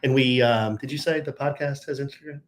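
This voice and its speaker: A man's voice: mid-range voice, fairly quick. A middle-aged man co-hosting a podcast in casual, joking chat. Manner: lively, joking, talks with his son. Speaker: podcast co-host. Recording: echoey room with faint noise.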